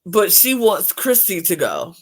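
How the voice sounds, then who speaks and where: A woman co-hosting a podcast, telling the story with animated, loud reenactments in casual chat. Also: mid-range voice, measured pace, low-quality recording. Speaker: podcast co-host.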